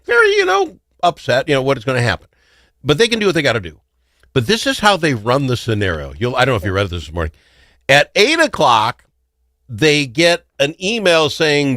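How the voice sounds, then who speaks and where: A man's voice: medium pitch, very animated, a little fast, pushed and bright, no room sound. A middle-aged man hosting a talk radio show, rambling through stories and joking with frequent laughs. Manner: rambling, joking storyteller who laughs often. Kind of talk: casual talk radio chat.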